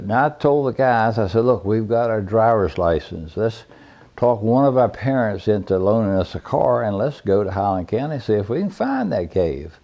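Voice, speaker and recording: A man's voice: medium pitch, darkish tone, lo-fi sound. An older man telling personal stories in a folksy, plainspoken, rambling way. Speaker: veteran caver recounting his history. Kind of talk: personal storytelling.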